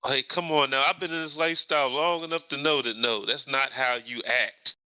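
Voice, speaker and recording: A man's voice: mid-range voice, a little fast, pushed and bright, clear, resonant tone, no room sound, lo-fi sound. A man in his forties hosting a casual podcast chat, blunt and emphatic, swearing freely. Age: 40s. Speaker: podcast host.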